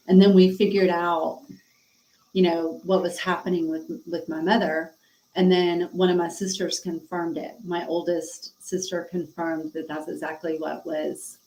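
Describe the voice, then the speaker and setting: A middle-aged woman with a fairly low voice speaks openly about her past, with emotion and frequent fillers. She acts out old conversations as she tells them. The sound is a little roomy, with echo around her. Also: a little mellow. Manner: emotional, frank, with many fillers and quoted dialogue. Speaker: podcast guest. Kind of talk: candid personal storytelling.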